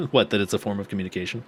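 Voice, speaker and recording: A man's voice: on the low side, fairly bright tone, slightly rough. A man co-hosting a podcast as a therapist, talking loosely and chattily with lots of fillers. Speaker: co-host, therapist. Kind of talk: casual podcast chat.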